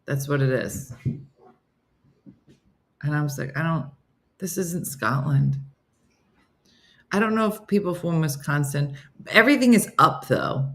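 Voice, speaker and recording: A woman's voice: low voice, unhurried, pauses often. A middle-aged woman hosting a comedy morning show, telling stories in a chatty way and reading viewer comments aloud. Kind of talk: casual chat.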